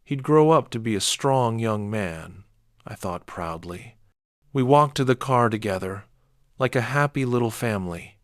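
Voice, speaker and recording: A man narrating a first-person horror story in a measured, dark way. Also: mid-range voice, lively intonation, no room sound, studio quality.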